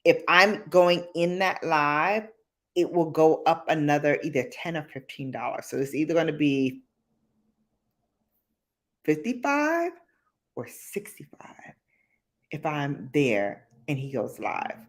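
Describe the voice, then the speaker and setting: A woman hosting a casual storytime livestream, animated and laughing often, acting out quotes. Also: low-pitched, a little slow. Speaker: livestream host.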